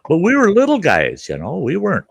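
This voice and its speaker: A man's voice: fairly high pitch, a little fast, creaky, slightly rough, no room sound. An older man hosting a casual chat, telling a story with lots of laughter and cursing. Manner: animated, profane, laughs through his stories. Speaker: podcast host.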